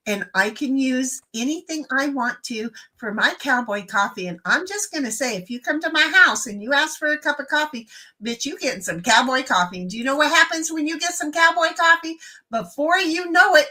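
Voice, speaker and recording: A woman hosting a casual live-stream chat, telling animated stories and acting out the other people in them. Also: sits high, moderate pace. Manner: animated storyteller who acts out other voices. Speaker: stream host.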